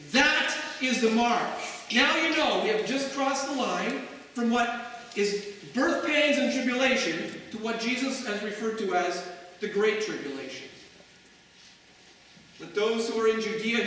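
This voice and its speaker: Guy pastor preaching, pretty high voice, chatty asides to the pews, sounds far off in a big echoey church. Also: sharp tone, slight background noise. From Canada. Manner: conversational, rhetorical asides to the congregation. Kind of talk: sermon. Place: church sanctuary.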